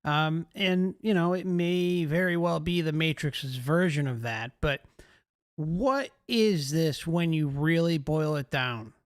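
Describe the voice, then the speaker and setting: A man's voice: fairly high pitch, slow, no room sound, clean studio sound. A male host giving emphatic commentary, often asking rhetorical questions.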